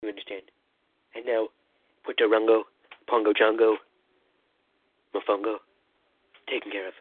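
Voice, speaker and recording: A man doing a comic impression of a rambling, boastful male president, calling in over a phone line with a husky voice. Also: lowish voice, little pitch movement, normal speed. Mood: blustering. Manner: rambling, repetitive "listen", boastful bluster. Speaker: comedy caller. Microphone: phone call-in. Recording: tinny phone line, dry.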